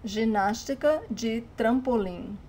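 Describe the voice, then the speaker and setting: Woman with a Brazilian accent, slow and careful. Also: a little high, mellow, slight background noise. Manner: slow, careful pronunciation drills, repeating each word. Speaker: language teacher. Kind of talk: language lesson.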